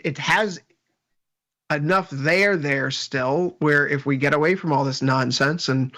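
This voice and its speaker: A man's voice: on the high side, fairly bright tone. A man commenting on the markets in a casual, rambling chat with wry joking asides.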